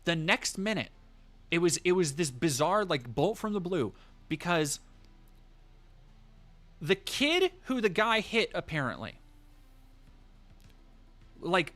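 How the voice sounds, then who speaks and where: A man's voice: high-pitched, sharp tone. A man streaming live, telling a rambling, profane story in casual chat with many fillers and restarts.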